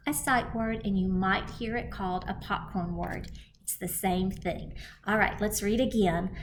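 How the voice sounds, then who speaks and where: Slow, patient kindergarten teacher woman. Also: mid-range voice, a little hiss or hum. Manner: clear, deliberate sounding-out of letters. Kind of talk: slow, patient phonics lesson for young children.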